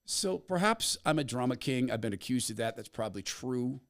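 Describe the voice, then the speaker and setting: A man hosting a commentary podcast, retelling a story with a dramatic, storytelling delivery. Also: mid-range voice. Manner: storytelling, dramatic pauses, animated. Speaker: podcast host. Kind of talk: commentary monologue.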